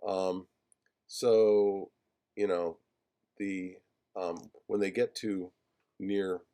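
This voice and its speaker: A man teaching a class on a film screenplay, talking haltingly with many fillers and restarts as he searches for page numbers. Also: low voice, steady tone, mellow. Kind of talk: lecture discussing a film screenplay.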